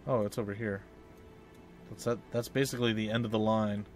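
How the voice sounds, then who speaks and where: A man's voice: fairly low pitch, flat delivery, a little fast. Guy rambling on while he plays a game at home, chatty and joking about himself, faint game music behind. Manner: chatty, rambling, self-mocking. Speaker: let's play host. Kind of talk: casual gameplay commentary.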